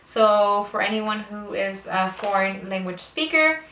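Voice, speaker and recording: Slow, bright-voiced woman teaching phonics. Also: medium pitch, expressive, a little hiss or hum. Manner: slow, deliberate, exaggerates phonics sounds. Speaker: homeschooling parent teaching reading. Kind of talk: instructional talk to camera. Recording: echoey room, voice a bit far from mic.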